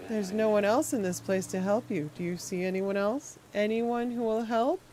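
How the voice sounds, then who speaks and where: A woman reading aloud as a creepy older man in a game. He speaks slowly and ominously and calls himself a guardian. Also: medium pitch, a little mellow, natural voice. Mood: menacing.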